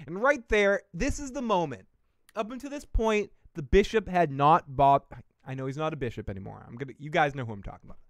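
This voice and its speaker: A man's voice: fairly high pitch, clean tone, dry recording, clean studio sound. A man hosting a live TV episode recap, talking in a rambling, jokey, profane way. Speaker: TV recap host. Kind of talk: casual live-stream recap.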